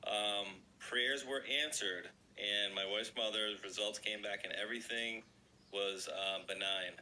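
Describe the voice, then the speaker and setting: A man with a slightly raspy voice hosting an online video, chatting casually and reading an article aloud to his viewers. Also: on the low side, steady tone, measured pace, sharp tone, a little hiss or hum, low-quality recording. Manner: chatty, addresses viewers as guys.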